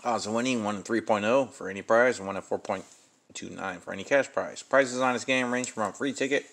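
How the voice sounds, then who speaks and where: A man's voice: on the low side, a little fast, gravelly, a bit bright. A man giving casual running commentary as he scratches lottery tickets, muttering numbers and sighing and groaning at losses.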